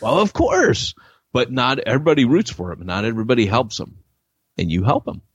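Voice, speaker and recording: Lively, husky-voiced male podcast host. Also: a little fast, no room sound. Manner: animated storyteller, acts out quotes with big pitch jumps. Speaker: podcast co-host, church planting author. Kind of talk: casual podcast conversation. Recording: dull lo-fi dry podcast audio.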